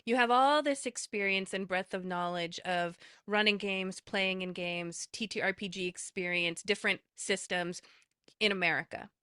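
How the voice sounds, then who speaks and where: A woman hosting a casual podcast interview, eager and curious, quick to agree with her guest. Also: mid-range voice, bright, forceful tone, smooth, no echo, clean studio sound. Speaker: podcast host.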